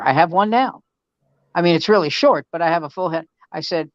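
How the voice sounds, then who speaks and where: Older man telling animated family stories. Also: a little high, fairly quick, no echo, muffled recording. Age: 70s. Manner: animated storyteller acting out family dialogue. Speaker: veteran comedian and host. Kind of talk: casual storytelling chat. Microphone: video call.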